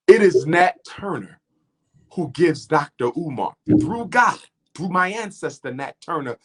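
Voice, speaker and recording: A man's voice: high-pitched, a bit bright. A middle-aged man speaking as an interview guest, impassioned and preacher-like, building his points through rhythmic repetition.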